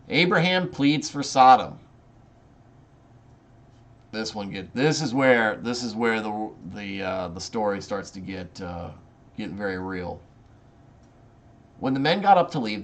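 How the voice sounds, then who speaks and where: Low-voiced man reading and discussing scripture. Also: expressive, moderate pace. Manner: reads scripture then comments informally, with restarts. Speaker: Bible study host. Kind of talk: casual Bible reading and commentary.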